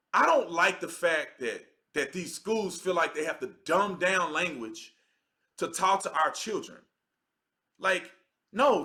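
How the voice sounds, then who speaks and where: Thirties man, livestream host. High, bright voice, emphatic and conversational. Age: 30s. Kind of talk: casual livestream commentary.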